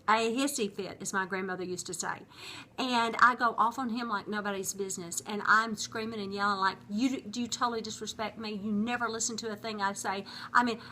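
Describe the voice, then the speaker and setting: Earnest woman host, bright voice. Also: a little high, slight background noise. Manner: earnest, conversational, teaching. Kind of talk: casual vlog talk on relationships.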